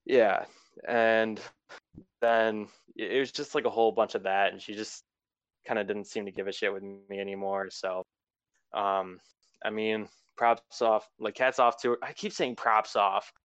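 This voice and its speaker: A young man with a low, smooth voice talks in a casual, fairly monotone way, full of "like" and "um". He rambles through his thoughts as an interview guest. The sound is close and dry. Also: measured pace, no echo. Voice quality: self-described monotone. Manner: rambling, filler-heavy, laid-back. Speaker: eliminated player being interviewed.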